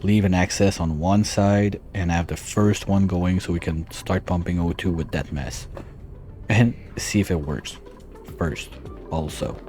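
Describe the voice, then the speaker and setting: A man's voice: low-pitched, unhurried, mellow, soft background music. A man giving casual let's-play commentary, thinking aloud and muttering his calculations as he plans. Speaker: gameplay streamer.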